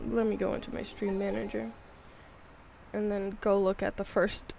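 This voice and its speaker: A woman's voice: mid-range voice, level tone, moderate pace, vocal fry, background noise. A woman in her thirties streaming a game, talking in a rambling, candid, self-mocking way. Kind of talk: casual chat while gaming.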